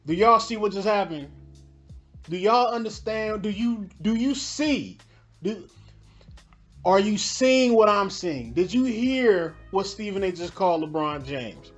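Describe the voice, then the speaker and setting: Guy podcaster reacting to clips, kinda high voice, dull lo-fi sound, keeps repeating his questions. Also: expressive, measured pace, faint music behind. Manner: repetitive rhetorical questioning, slangy. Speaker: podcast host. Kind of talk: casual reaction commentary.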